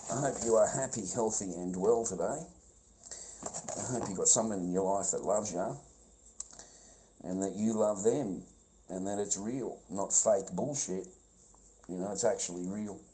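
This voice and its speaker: Man, livestream rant, dark low voice, swears constantly, calls people mate. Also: a little slow, long pauses, slight background noise, low-quality recording. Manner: profane, confrontational, calls everyone mate and brother; trails off into low mumbling. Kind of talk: live stream rant to chat.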